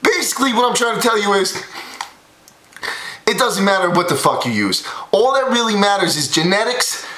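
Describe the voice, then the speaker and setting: High-pitched shouting man ranting profanely. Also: very animated, normal speed. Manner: loud, profane, bro-style ranting with frequent shouting. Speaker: vlogger. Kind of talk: comedic rant to camera. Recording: echoey room with faint noise.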